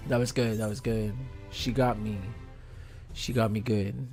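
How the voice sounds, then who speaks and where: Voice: medium pitch, steady tone, measured pace, darkish tone. A streamer giving casual, slangy commentary while playing a video game, reacting emotionally to the story. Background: game audio and music.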